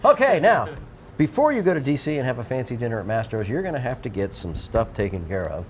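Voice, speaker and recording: A man's voice: mid-range voice, big pitch swings, fast, a little hiss or hum. A man hosting a local TV talk show, joking and rambling with frequent restarts. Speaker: TV show host. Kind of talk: casual studio banter.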